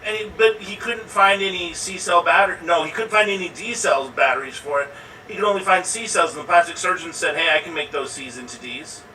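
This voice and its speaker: A man's voice: high-pitched, brisk, sharp tone. A man telling improv jokes in a chatty way, laughing at his own setups. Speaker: improv performer. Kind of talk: casual joke telling. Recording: roomy, distant mic with faint noise.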